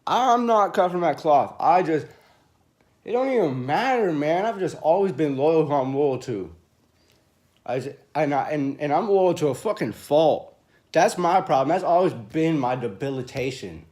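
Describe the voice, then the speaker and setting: A man venting in a rambling, profane monologue to camera from a small room, swinging between loud rants and low mumbling. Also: expressive, normal speed.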